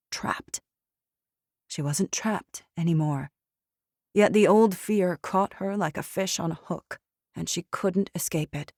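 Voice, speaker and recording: A woman narrates a thriller audiobook in a low, unhurried voice, measured and steady. The recording is close and dry, with no room sound. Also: no echo.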